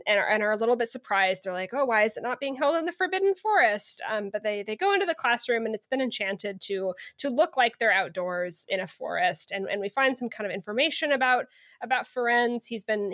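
A woman podcast co-host summarizing a book chapter in casual, halting chat. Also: medium pitch, fairly bright tone, no room sound, clean studio sound. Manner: hesitant, lots of restarts.

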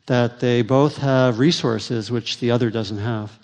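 A man giving a Buddhist teaching and answering questions, speaking thoughtfully with frequent pauses and fillers. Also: mid-range voice, steady tone, a little mellow. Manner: thoughtful, halting, many fillers. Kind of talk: dharma talk Q&A. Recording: reverberant hall.

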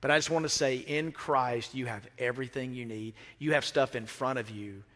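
A man's voice: mid-range voice, normal speed, fairly bright tone. Middle-aged man, pastor, emphatic sermon delivery with repeated lines, echoing church hall. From Mississippi. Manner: emphatic, repeats phrases, asks the crowd questions. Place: church sanctuary. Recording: reverberant hall.

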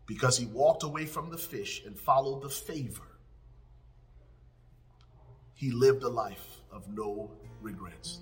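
A man preaching a sermon as pastor, emphatic, with repeated lines, swelling up and then dropping into hushed prayer. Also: medium pitch, measured pace, faint music behind.

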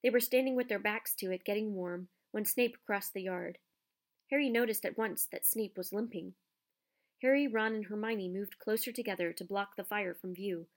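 A female audiobook narrator with a medium-pitched voice reads a children's storybook in a measured, expressive way.

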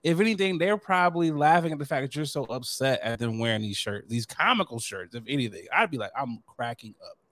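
A young man co-hosting a podcast in casual chat, animated, laughing often and acting out quotes. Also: fairly high pitch, fast, few pauses, no echo. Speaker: podcast co-host.

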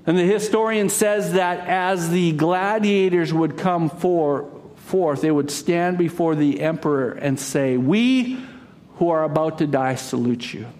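A man preaching a sermon, telling a story dramatically, rising to loud cries and dropping to a hush. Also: a little high, a little slow. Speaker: pastor.

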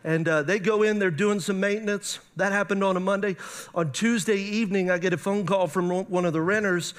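A man preaching a sermon as a pastor, animated and asking his congregation questions as he goes. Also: sits high, brisk, smooth.

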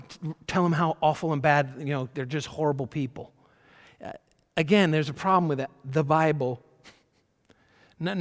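Pastor preaching in a reverberant hall. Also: male voice, a little high. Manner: shifts to soft whispers for God's voice; repeats and restarts words. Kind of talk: sermon.

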